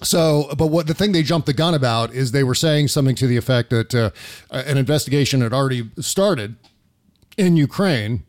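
A man in a casual podcast chat rants heatedly about politics and swears freely. He talks in a middle-pitched voice and often restarts his sentences partway through. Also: normal speed, a little mellow. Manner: heated, profane ranting with many restarts. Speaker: podcast host.

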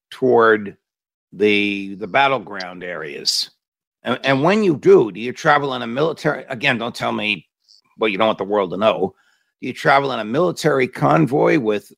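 A male host with a gravelly, rough-edged voice puts pointed, opinionated questions to his guest. His tone is bright and forceful. The sound is close and dry, with no room around it. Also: mid-range voice, no echo. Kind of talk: talk show interview.

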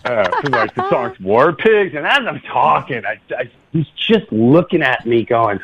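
Lively middle-aged male radio host. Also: mid-range voice, unhurried, hardly any pauses, dull audio, a little hiss or hum. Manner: animated, laughs often, does voices in anecdotes. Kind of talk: casual storytelling.

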